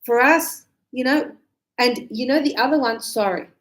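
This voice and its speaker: A woman's voice: on the high side, normal speed. An Australian woman teaching English, chatty, acting out short example dialogues to explain everyday phrases. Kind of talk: online English lesson.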